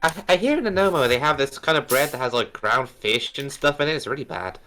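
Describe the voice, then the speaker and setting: Bright animated player. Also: mid-range voice, quick pace, a little hiss or hum. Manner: playful, in-character banter. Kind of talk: casual chat at a tabletop game.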